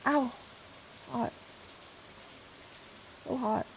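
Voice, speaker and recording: A woman's voice: fairly high pitch, steady tone, extremely slow, a little hiss or hum. A young woman streamer chatting casually with her chat, playful and rambling, swearing freely and reading messages aloud.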